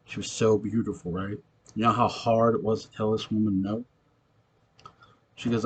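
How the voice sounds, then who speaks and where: A man voicing a profane young ex-convict with a New York accent spins his story. His voice sits low and husky, rough and street-worn. He talks like a man who has seen trouble. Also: flat delivery, normal speed. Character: ex-convict man recounting a ghostly encounter. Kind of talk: acted monologue, recounting a tale.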